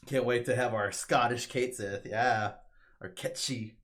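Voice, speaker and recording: A man's voice: mid-range voice, steady tone, measured pace. A man chatting casually about a game story, enthusiastic and swearing freely. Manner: enthusiastic, profane, acts out quotes loudly. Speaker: co-host explaining the story. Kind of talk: casual chat.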